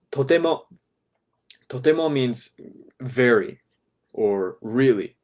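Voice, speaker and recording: A man teaching a class, patiently breaking phrases down step by step and checking in with "right?", sometimes dropping to a soft, quiet voice. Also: medium pitch, lively intonation, takes it slowly. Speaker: language teacher. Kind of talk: explaining a lesson to a class.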